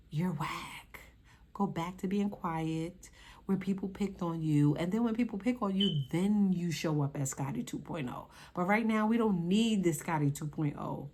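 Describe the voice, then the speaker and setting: A woman's voice: mid-range voice, normal speed, darkish tone. A young woman hosting her channel and reviewing a reality show in casual, sassy talk, exclaiming and scolding the cast directly.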